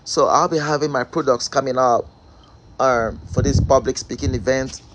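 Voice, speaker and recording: Guy doing a motivational live stream, preachy, keeps asking viewers the same questions, middle pitch. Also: slight background noise. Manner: calls out viewers' names. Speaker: host.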